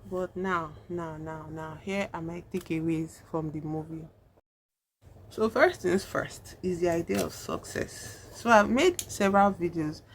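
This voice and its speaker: A woman vlogger with a lowish voice speaks a little slowly as she does her makeup and reviews a horror film. She rambles in a casual chat, using "like" and "you know" constantly. Slight background noise is present.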